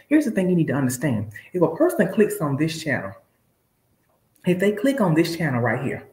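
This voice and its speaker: A woman's voice: low-pitched, reverberant, poor audio. Chatty woman live-streaming. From Alabama. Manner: chatty, preachy, addresses viewers as y'all. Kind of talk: casual motivational talk.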